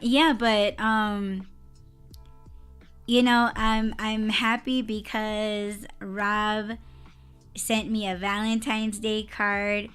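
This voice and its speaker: A woman's voice: medium pitch, little pitch movement, extremely slow, fairly bright tone, clean tone, soft background music. A woman co-hosting a casual podcast, telling a story in a heated, profane way and breaking into laughter. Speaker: podcast co-host.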